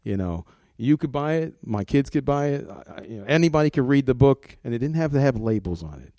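A man's voice: mid-range voice, lively intonation, brisk, warm tone, dry recording. A middle-aged man, a comics art director, talking casually in an interview, rambling and repeating words, laughing often.

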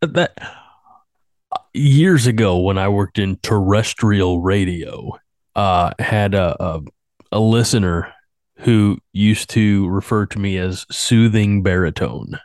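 A man's voice: fairly low pitch, takes it slowly, a little mellow, no room sound, clean studio sound. A man hosting a podcast in casual chat, a bit congested, rambling and self-deprecating. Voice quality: congested, stuffy sinuses. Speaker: podcast host.

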